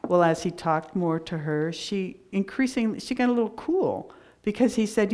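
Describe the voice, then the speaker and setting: A woman's voice: fairly low pitch, normal speed, a little mellow. A middle-aged woman minister giving a sermon, in an earnest, conversational storytelling way with frequent restarts.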